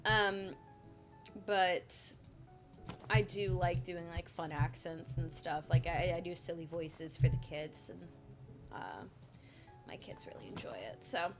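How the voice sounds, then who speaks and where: A woman's voice: fairly low pitch, slow pace, pauses often, music in the background. A young adult woman chatting casually while playing a game, rambling with lots of ums and likes. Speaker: streamer. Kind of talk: casual gameplay chat.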